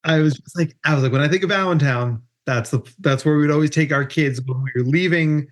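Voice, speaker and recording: Upbeat joking guy hosting a podcast, fairly high voice, keeps saying right?. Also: a little fast. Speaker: podcast host. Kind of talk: casual podcast chat.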